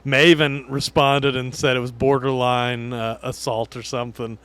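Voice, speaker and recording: Relaxed man chatting on a podcast. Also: medium pitch, moderate pace, clean tone, dry recording. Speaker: podcast co-host. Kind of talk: casual chat.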